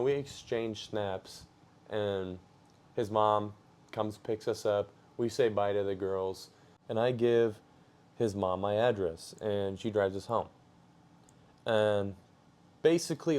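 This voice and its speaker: A young man with a fairly low voice tells a story in a casual, slangy way. He drifts along with fillers and easy laughs. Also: a little mellow. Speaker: streamer telling a story.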